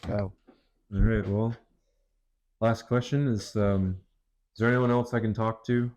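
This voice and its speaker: A man's voice: fairly low pitch, fairly even intonation, a little slow, a little mellow. A man interviewing a fisherman, giving brief acknowledgments and asking closing questions.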